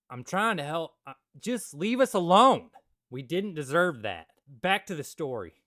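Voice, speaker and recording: A young man hosting a comedic Bible commentary, joking with loud asides and quiet mutters. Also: medium pitch, no room sound, clean studio sound. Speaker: Christian video host.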